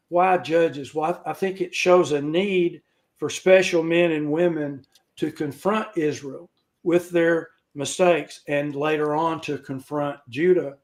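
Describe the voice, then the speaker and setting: Man, higher-pitched voice, casual Bible teacher on a video call, folksy and halting with restarts. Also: darkish tone. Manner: folksy, with joking asides. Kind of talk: informal scripture teaching.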